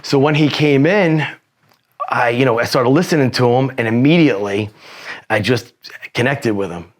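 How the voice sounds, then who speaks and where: A podcast guest with a mid-range voice casually tells his life story at a moderate pace. He rambles, swears a lot and says "you know" constantly.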